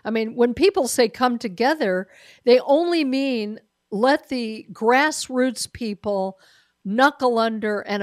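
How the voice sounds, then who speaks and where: A woman with a fairly high voice hosts a talk show, asking pointed questions and cutting in with quick remarks. Her voice sounds dry and close. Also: no room sound. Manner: quick interjections, laughs along, pointed questions. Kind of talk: casual interview chat.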